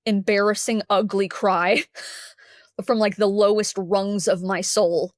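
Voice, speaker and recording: A woman from Texas, a podcast guest, telling a personal story candidly and lively, acting out what people said. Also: medium pitch, slow pace, dry recording, studio quality. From Dallas, Texas. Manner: candid, animated, acts out the quotes.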